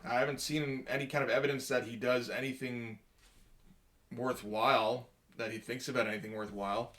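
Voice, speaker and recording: A man talks his way through a comic book, one page at a time. He speaks at an ordinary, middling pitch, stopping and restarting often and dropping dry, wry asides as he goes. The delivery is loose and unscripted, like a casual review. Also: steady tone, a bit bright. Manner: rambling, halting, with many fillers and wry asides.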